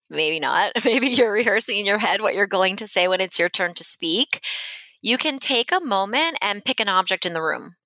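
Bright-voiced woman, dry close sound. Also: medium pitch, dry recording, poor audio. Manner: friendly, instructive, often checks in with "right?". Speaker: guest speech-language pathologist. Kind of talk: conversational podcast guidance.

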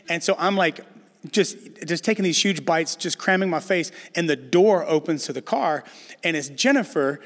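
A middle-aged male pastor preaches with a raised, animated voice, jumping into personal stories and joking with his listeners. His voice rings out through a large hall with a long reverb tail. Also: a little high, moderate pace. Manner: animated storytelling, addresses the congregation with humor. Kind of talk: sermon.

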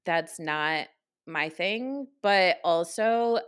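A woman's voice: on the low side, expressive, fairly bright tone, clean tone. A young woman with an upstate New York accent, co-hosting a podcast in casual, rambling chat full of "like". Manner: rambling, fast asides, lots of "like". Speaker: podcast co-host.

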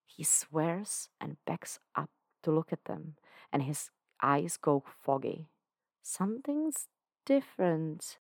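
A woman reading fan fiction aloud on a podcast, in a calm, measured narration. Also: low voice, vocal fry, no echo, clean studio sound. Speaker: podcast fanfiction reader.

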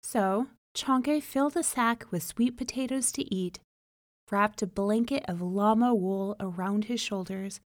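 A woman reading a folk tale aloud as storybook narration, calm and measured. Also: mid-range voice.

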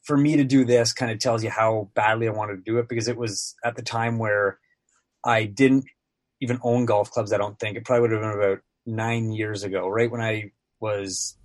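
A man's voice: on the low side, steady tone, normal speed, dry recording. A sports broadcaster guest, a man in his thirties, telling casual stories on a podcast, rambling with lots of filler words.

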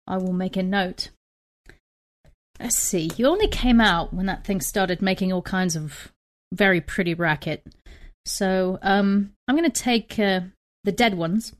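A young woman playing a tabletop game, narrating her moves in a rambling, self-deprecating way with apologetic asides. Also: fairly low pitch. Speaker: player. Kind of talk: tabletop role-play, casual chat.

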